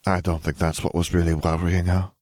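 A man voicing a gentle young woman who answers softly and reassuringly, read as part of an audiobook. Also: sits low, level tone, brisk, no room sound, clean studio sound.

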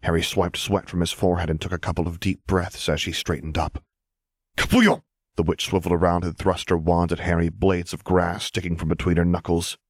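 Deep-voiced male audiobook narrator. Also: flat delivery, quick pace, hardly any pauses, dry recording, studio quality. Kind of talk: scripted fiction narration.

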